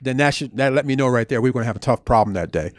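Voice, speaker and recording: At a book talk, an ex-police officer turned author fields audience questions through lively stories, often restarting his sentences. He speaks rapid-fire in a mid-range voice, with studio-quality sound and no echo.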